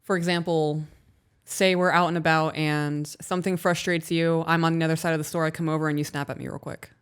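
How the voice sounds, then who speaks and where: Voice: mid-range voice, flat delivery, brisk, a bit bright, smooth. A podcast co-host in casual chat, blunt and swearing freely, acting out little scenes to make a point.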